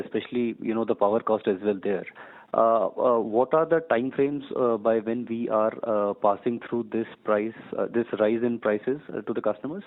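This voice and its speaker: A man's voice: on the low side, steady tone, moderate pace. A man, an analyst, asking polite, hesitant questions with many fillers on an earnings call. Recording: tinny phone line.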